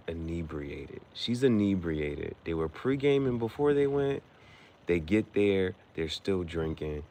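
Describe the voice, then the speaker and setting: Deep gravelly man, slangy casual recap. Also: slight background noise. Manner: slangy, rambling, animated storytelling. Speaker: podcast host.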